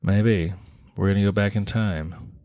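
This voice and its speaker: A man's voice: on the low side, unhurried, no echo, clean studio sound. A man co-hosting a podcast in casual, joking chat, laughing at his own stories. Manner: relaxed, joking, laughs at himself. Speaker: podcast co-host.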